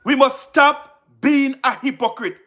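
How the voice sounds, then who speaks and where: A man's voice: extremely high pitch, steady tone, a little slow, bright, forceful tone. A man with a Jamaican accent delivering passionate political commentary on a livestream, emphatic and repetitive, asking rhetorical questions. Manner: emphatic and repetitive, frequent rhetorical questions, laughs between points.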